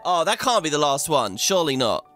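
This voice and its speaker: A chatty man giving commentary over a game playthrough. He thinks aloud and laughs often, and his voice sits a touch high for a man while jumping up and down a lot as he reacts. Faint music plays underneath him. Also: very animated, a little fast, sharp tone. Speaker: let's play host.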